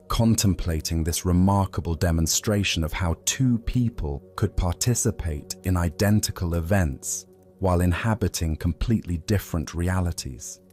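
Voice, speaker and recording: A man calmly narrating a scripted bedtime story. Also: deep voice, measured pace, faint music behind.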